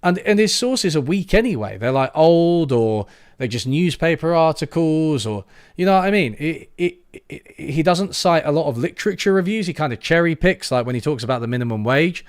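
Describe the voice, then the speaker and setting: A man's voice: fairly high pitch, lively intonation, normal speed, dry recording, clean studio sound. A young man hosting a casual live stream, sarcastic and laughing, full of restarts and trailing asides. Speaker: YouTube channel host.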